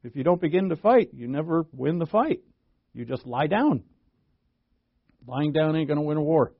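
A man's voice: on the high side, animated, moderate pace, creaky, husky, no echo. A man preaching a sermon with emphatic bursts on key words and folksy asides. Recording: dull lo-fi dry recording.

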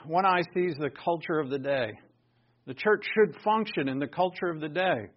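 A man preaching a sermon, stressing key words with sudden loud bursts and dropping into quiet asides. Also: a little high, moderate pace, highs cut off. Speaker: pastor.

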